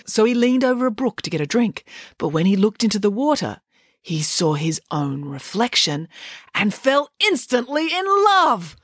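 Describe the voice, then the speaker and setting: Brief: wry playful storybook reader, lively tune, dry close mic, woman. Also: mid-range voice, normal speed, breathy edge, no room sound. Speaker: audiobook narrator. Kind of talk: scripted storybook narration.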